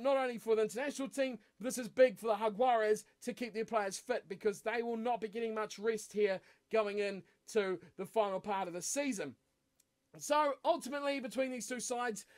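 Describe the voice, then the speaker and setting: A man with a New Zealand accent talking through his rugby match predictions in a chatty, rambling way, with frequent fillers and restarts. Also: very high voice. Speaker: rugby channel host.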